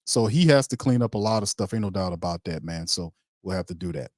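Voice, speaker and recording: A man's voice: low voice, animated, quick pace, darkish tone, no room sound, studio quality. A man hosting a casual sports talk show, talking in a loose, emphatic, slangy way with many restarts. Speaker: podcast host.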